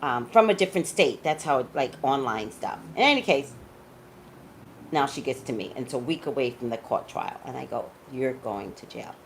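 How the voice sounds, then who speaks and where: A woman's voice: extremely low pitch, normal speed, a little hiss or hum, rough recording. A woman working as a psychic tarot reader, chatting casually and emphatically to her viewers, saying "like" a lot. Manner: chatty, animated, says "like" a lot. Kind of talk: casual chat to camera.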